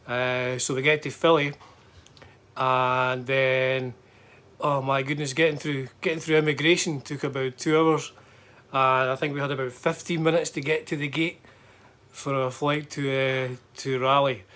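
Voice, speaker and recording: Brief: middle-aged Scottish guitar vlogger, mid-pitched, loose and rambling. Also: male voice, level tone, a little slow, bright, forceful tone. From Scotland. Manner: rambling, chatty, frequent fillers and restarts. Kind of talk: casual travel chat.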